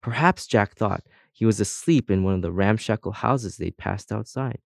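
A man narrating a children's storybook in a steady, scripted reading. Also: fairly low pitch, moderate pace, gravelly, dry recording, studio quality. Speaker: audiobook narrator.

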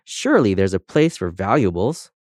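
A man's voice: sits low, very animated, moderate pace, darkish tone, no room sound, studio quality. A man voicing a pair of haughty female diamond earrings who speak grandly and indignantly.

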